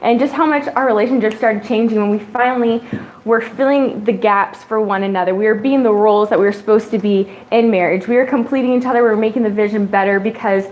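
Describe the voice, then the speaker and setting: A woman's voice: on the high side, fast, low-quality recording. Gushing young woman telling a family story. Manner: gushing and animated, acts out quotes of her kids. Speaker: guest sharing her family story. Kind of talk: casual chat.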